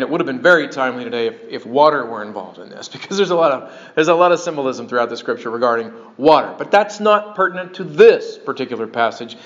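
A man preaching a sermon as pastor, animated and breaking into joking asides to his congregation. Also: a little high. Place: church sanctuary. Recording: dull lo-fi sermon recording.

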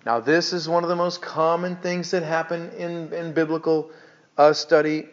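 A man's voice: on the high side, fairly even intonation, normal speed, dull audio. A man preaching a conversational sermon to his church, joking and restarting his sentences as he goes. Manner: chatty, joking, stumbling restarts. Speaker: pastor.

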